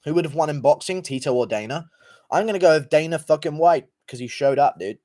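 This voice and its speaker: A man with a slightly high, warm voice talks briskly while hosting a casual livestream. Reading out donations, he thanks donors and offers loose, profane opinions in a rambling, laid-back style.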